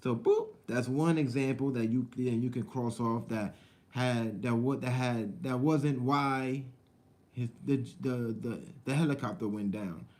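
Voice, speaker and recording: A man's voice: mid-range voice, unhurried, a little mellow. A man hosting his own channel, chatting casually and rambling straight to his viewers, repeating himself often. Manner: rambling, repetitive, talks to viewers directly. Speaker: vlogger and channel host. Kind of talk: casual live-stream chat.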